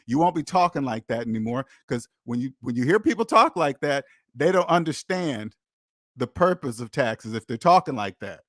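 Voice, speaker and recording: A man delivers a preachy personal finance monologue straight to his viewers, leaning hard on repetition for emphasis. His voice sits a little high for a man. The recording is dry and close, with no room sound. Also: lively intonation, normal speed, a bit bright, no room sound. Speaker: personal finance channel host. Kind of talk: preachy direct-to-camera monologue.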